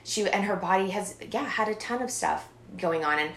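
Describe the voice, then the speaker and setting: A woman in her thirties, a podcast guest talking in a lively, expressive way and often laughing. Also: mid-range voice, moderate pace, slight background noise. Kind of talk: casual interview chat. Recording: roomy echo.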